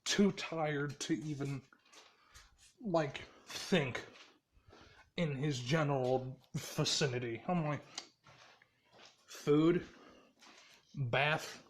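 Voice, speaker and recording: A man's voice: a little high, slow pace, pauses often, slight background noise. A man casually telling a fan story in a rambling, profane way, laughing often.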